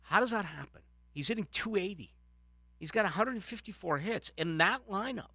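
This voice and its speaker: This sports talk radio host has a high-pitched voice and delivers animated, opinionated commentary, often stopping and restarting his sentences. There's no echo on the recording.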